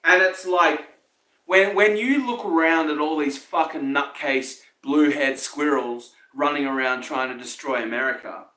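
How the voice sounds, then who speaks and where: A New Zealand man hosts a podcast in a loose, rambling monologue, swearing freely and trailing off into fillers and chuckles. His voice sits somewhat high for a man. The recording has a noticeably roomy, echoey sound. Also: a little slow, bright, forceful tone. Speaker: podcast host. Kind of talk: casual monologue.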